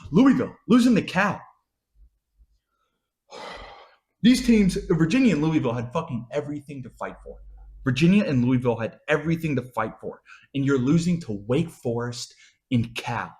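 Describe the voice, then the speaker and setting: A man's voice: medium pitch, very animated, moderate pace, echoey room. A young American man hosting a college football show, ranting with constant swearing and repetition. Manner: swears constantly, repeats lines, swings loud then muttering. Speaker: college football podcast host. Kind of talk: profane ranting sports talk.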